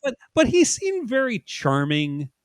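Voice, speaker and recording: A man co-hosting a comedy podcast, easygoing and gently teasing, often repeating himself. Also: extremely high pitch, wildly swooping pitch, a little slow, dry recording, studio quality. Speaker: podcast co-host. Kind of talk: casual chat.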